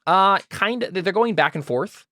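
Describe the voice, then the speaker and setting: A man's voice: high-pitched, lively intonation, moderate pace, sharp tone, no echo, studio quality. A man running a tabletop role-playing game, talking loosely with many fillers and asking the players what they do. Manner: loose, filler-heavy, asks players questions. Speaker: game master.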